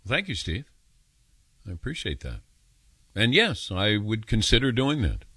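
An older man hosts a radio call-in show and chats in a casual, self-mocking way. His pitch rises and falls a lot as he tells stories. The studio mic sounds close and dry. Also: wildly swooping pitch, measured pace, sharp tone, breathy edge, no room sound. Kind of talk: casual radio talk with callers.

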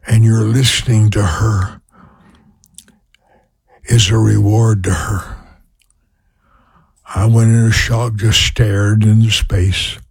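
Husky slow-spoken elderly Southern evangelist. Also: male voice, on the low side, little pitch movement, a little mellow, dry recording. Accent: Southern US, Louisiana. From Louisiana. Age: 80s. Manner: slow, folksy storytelling with prayer. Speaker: evangelist preacher. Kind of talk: sermon with personal stories.

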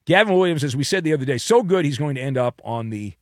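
A man's voice: on the high side, expressive, fast, no echo, studio quality. A man hosting a sports talk show, delivering a punchy, jokey commentary monologue full of colorful metaphors.

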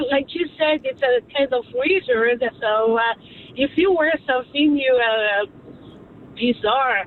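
Woman caller, accented English, slow hesitant talk, high voice, tinny phone line, faint road noise. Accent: non-native English. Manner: hesitant, many pauses and filler sounds. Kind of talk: phone-in chat.

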